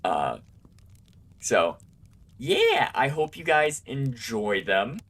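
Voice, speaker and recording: A man running an online tabletop game as game master, talking in a relaxed, rambling way with many fillers. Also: mid-range voice, slow.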